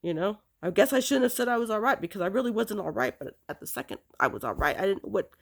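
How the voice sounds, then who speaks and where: A woman recounting a painful episode from her past in a halting, emotional, casual way. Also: mid-range voice, expressive, vocal fry. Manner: halting, full of restarts and "you know" fillers. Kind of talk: casual spoken recollection.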